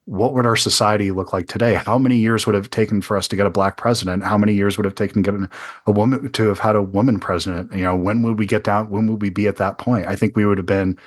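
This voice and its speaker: Male podcast host, earnest, thinks out loud and restarts sentences, lowish voice. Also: steady tone, quick pace. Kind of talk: casual interview conversation.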